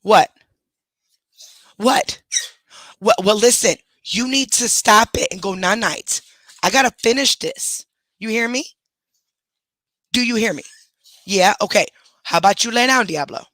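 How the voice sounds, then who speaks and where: A woman's voice: mid-range voice, unhurried, long pauses, fairly bright tone, dry recording, studio quality. A woman hosting a casual livestream, scolding her dogs and chatting to her viewers. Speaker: livestream host.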